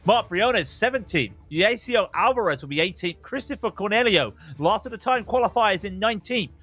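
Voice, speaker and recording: A man's voice: high-pitched, bright, forceful tone, husky. A man commentating a sim racing broadcast, calling laps and reading out the starting grid with energy. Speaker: lead commentator.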